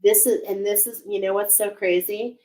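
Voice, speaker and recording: A woman's voice: medium pitch, steady tone, moderate pace, dark tone, poor audio. A woman giving a spiritual oracle card reading, speaking in a searching, emotional way with many restarts.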